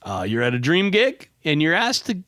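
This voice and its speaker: A man co-hosting a casual podcast chat, playful and quick to laugh. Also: a little high, wildly swooping pitch, a bit bright, clean tone, no room sound, studio quality. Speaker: podcast co-host.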